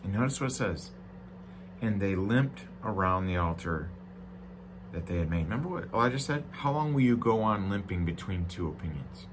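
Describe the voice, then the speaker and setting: A male pastor with a fairly low voice preaches, reading scripture and breaking in with dry jokes. He moves between loud, emphatic declarations and quiet, hushed reflection. A faint hum runs underneath. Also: lively intonation, normal speed. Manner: reads scripture aloud with asides and jokes. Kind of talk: sermon. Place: church.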